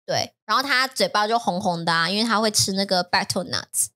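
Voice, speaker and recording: A woman's voice: medium pitch, fairly quick, sharp tone. A woman from Taiwan co-hosting a podcast, chatting casually and animatedly in Mandarin mixed with English. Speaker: podcast co-host. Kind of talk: casual bilingual chat.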